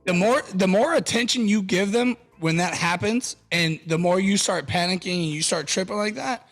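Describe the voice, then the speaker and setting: A man hosting a podcast, chatting casually and acting out little scenes in an animated way. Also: high-pitched, moderate pace, soft background music. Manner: animated, plays out scenes in voices. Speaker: podcast host. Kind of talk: casual interview chat.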